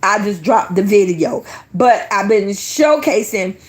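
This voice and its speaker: A woman's voice: medium pitch, unhurried. A woman giving casual, emphatic commentary straight to her viewers as an online creator. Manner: animated and emphatic, addresses viewers directly.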